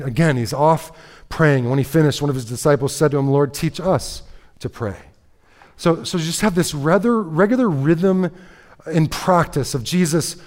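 A man preaching a sermon in a lively, conversational way, reading scripture and breaking into casual asides with frequent "right?" and "okay?". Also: medium pitch. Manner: reads scripture aloud, then comments in asides. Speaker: pastor.

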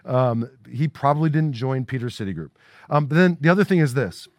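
A man's voice: medium pitch, lively intonation, brisk, darkish tone, no room sound, clean studio sound. Conversational male pastor preaching. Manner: conversational preaching with frequent "right?" asides. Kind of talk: sermon. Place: church sanctuary.

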